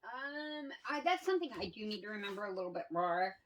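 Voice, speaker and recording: A woman's voice: medium pitch, sing-song, brisk, recorded from a distance, rough recording. A woman telling stories in a candid casual monologue, swearing freely and laughing often. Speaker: vlogger.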